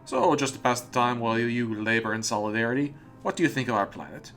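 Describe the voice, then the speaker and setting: A man's voice: mid-range voice, fast talker, a bit bright, faint music behind, close to an everyday voice. A man voicing a cheerful, zealous male communist alien troll in a put-on Russian accent, preachy and rousing. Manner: rousing, preachy, addresses listener as comrade.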